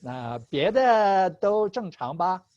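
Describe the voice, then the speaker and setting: A man's voice: high-pitched, very animated, takes it slowly, a little mellow, no room sound. A male teacher running an online class, patient, switching between Chinese and English and laughing often. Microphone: video call. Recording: slightly dull video call audio.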